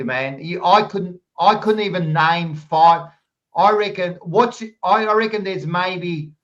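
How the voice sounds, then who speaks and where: A somewhat high-pitched Australian man tears into his co-host, blunt and swearing as he argues. The sound is dull and lo-fi. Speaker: podcast host. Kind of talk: heated footy banter.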